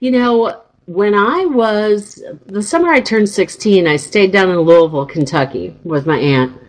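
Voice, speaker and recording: A woman's voice: medium pitch, lively intonation, unhurried, rough recording. A woman hosting a radio talk show, chatty and bubbly, laughing often as she tells stories. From northern United States. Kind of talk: casual radio chat.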